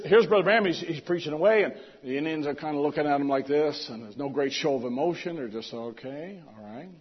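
Male preacher, fairly high voice, storytelling sermon, loud then hushed. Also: breathy edge, dull audio. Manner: animated retelling, swings from loud emphasis to hushed asides.

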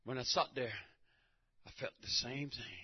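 A man giving a preaching testimony in church, emphatic and repetitive, breaking into shouts. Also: medium pitch, a little slow, husky. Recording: dull lo-fi recording.

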